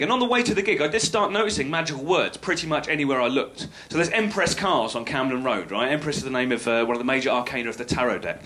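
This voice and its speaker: A man with a London accent telling a story as a stand-up comedian, in a wry, conversational way with loud exclamations. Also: a little high. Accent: London English.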